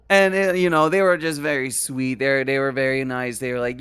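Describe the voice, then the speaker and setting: A man co-hosting a casual livestreamed reaction show, telling stories in an animated, profane way. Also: mid-range voice, fairly quick, hardly any pauses, smooth, no room sound. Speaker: podcast co-host. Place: home streaming setup.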